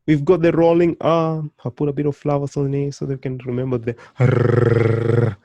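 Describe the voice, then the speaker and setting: A man teaches a beginner language lesson, often praising learners and slowly repeating words for them to copy, with sudden lively leaps in pitch and loudness. The sound is lo-fi with no room sound.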